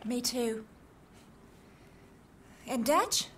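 A woman's voice: fairly high pitch, expressive, drawn-out words, fairly bright tone, a little hiss or hum, exaggerated voice. A bubbly, genteel young woman. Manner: polite, bubbly, self-mocking. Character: cheerful young woman, genteel, self-deprecating. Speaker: video game character. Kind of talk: video game dialogue.

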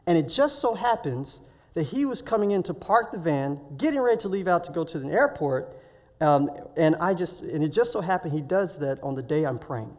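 A man's voice: a little high, a little fast. Man telling a story in a sermon, echoing hall. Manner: animated, acts out dialogue in his story. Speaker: week of prayer speaker. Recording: reverberant hall.

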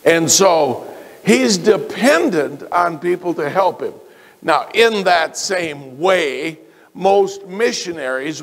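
A man preaching from the pulpit in a fairly high voice, pressing his points with rhetorical questions. His voice rings out with a long church reverb. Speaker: pastor. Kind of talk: sermon. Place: church sanctuary.

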